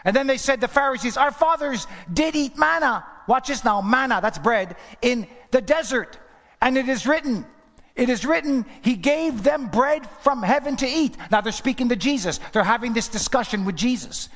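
A high-voiced man preaching to his congregation, driving his points home with rhetorical questions. His voice rings out with a long reverb through the church. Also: expressive, normal speed, a bit bright. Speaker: pastor. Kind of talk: sermon.

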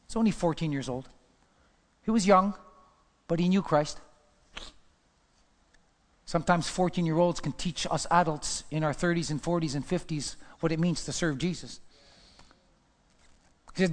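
A male pastor preaching with fervor, his voice pitched a little high and ringing out in a church with a long, lingering reverb. He rises to loud calls, then drops to near-whispers. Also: fairly even intonation, unhurried, pauses often. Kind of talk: sermon.

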